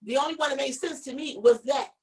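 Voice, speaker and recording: A woman co-hosts a casual live-stream chat. She tells a story with animation and stumbles over repeated words. Her voice sits a bit high and sounds distant from the mic. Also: fast talker, darkish tone. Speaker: show co-host.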